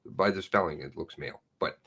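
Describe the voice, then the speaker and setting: A man's voice: sits low, brisk, creaky, sharp tone, husky. A man giving a sarcastic, ranting livestream commentary, mocking the police in put-on voices. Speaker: online commentator.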